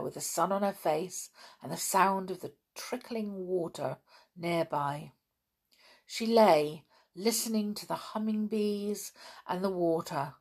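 Slow, expressive woman storyteller. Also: on the low side, vocal fry, husky. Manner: expressive, dramatic narration. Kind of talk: storybook read-aloud.

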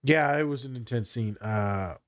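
A man's voice: medium pitch, moderate pace, no room sound. A man hosting a casual podcast chat, easygoing and affirming, steering the talk along. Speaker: podcast host.

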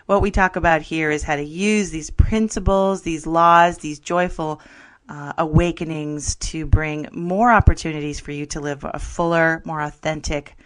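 A woman's voice: low voice, fairly even intonation, moderate pace. A woman hosting a radio talk show, upbeat and chatty, laughing often as she talks. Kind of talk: casual radio chat.

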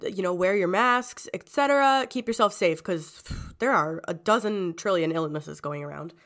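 A woman's voice: on the low side, normal speed. A woman co-hosting a podcast in casual chat. She sounds congested from a cold and laughs often as she talks. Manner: giggly, chatty, lively. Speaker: podcast co-host.

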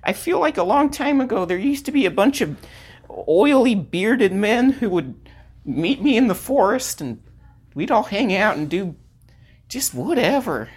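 A man playing a simple-minded demon helper, eager as a child and easily muddled. The voice sits high and swoops up and down, with a slightly husky edge. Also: sing-song, measured pace, heavily acted. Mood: dim-witted. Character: dim, timid male demon sidekick Rickostramus. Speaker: podcast sidekick. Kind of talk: improvised comedy podcast sketch.

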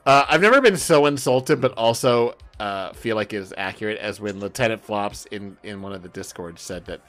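A man's voice: fairly low pitch, normal speed, fairly bright tone. A man hosting a podcast, chatting casually and laughing, swearing now and then. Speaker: podcast host. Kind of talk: casual chat.

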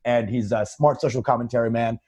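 A man's voice: mid-range voice, fairly even intonation, fairly quick, a little mellow. A young man in a casual comedy podcast chat, crude and riffing, saying dude a lot. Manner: crude, riffs with put-on voices, says dude a lot.

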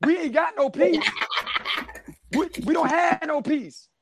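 High gravelly preacher man shouting amen. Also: slow, slight background noise. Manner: shouting, rhythmic, frequent "amen". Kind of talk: call-and-response sermon.

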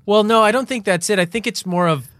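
A man's voice: high-pitched, fast talker, a bit bright, no room sound, clean studio sound. A man co-hosting a casual comedy podcast, telling a joking story in a loose, chatty way. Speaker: podcast co-host.

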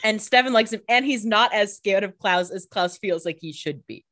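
A woman's voice: mid-range voice, normal speed, fairly bright tone, no room sound, clean studio sound. Joking woman podcast co-host. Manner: joking, quips and laughs, mimicking characters. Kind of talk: casual chat.

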